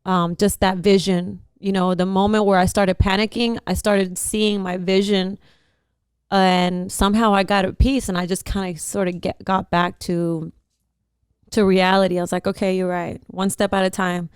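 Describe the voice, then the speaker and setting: Smooth-voiced woman telling her story. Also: medium pitch, moderate pace, dry recording. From Houston, Texas. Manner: animated storyteller with frequent laughs. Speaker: actress and interview guest. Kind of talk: casual interview chat.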